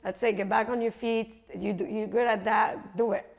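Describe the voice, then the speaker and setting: A woman's voice: medium pitch, steady tone, normal speed, lo-fi sound. A woman coach telling a personal story in a chatty way, laughing often and acting out what others said. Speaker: coach and speaker.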